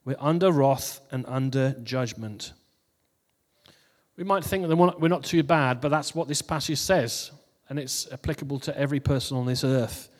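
A man's voice: medium pitch, normal speed, big-room sound. A man giving a casual New Year sermon who reads out funny posts and laughs at his own jokes before turning to scripture. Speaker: preacher.

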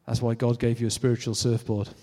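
A British man preaches in a relaxed, conversational way, slipping into little acted-out voices as he tells his stories. His tone is mellow and dark, and the sound rings with the long echo of a large hall. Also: mid-range voice, fast talker. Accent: British English. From Britain. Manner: conversational, animated storytelling with acted-out quotes. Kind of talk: sermon.

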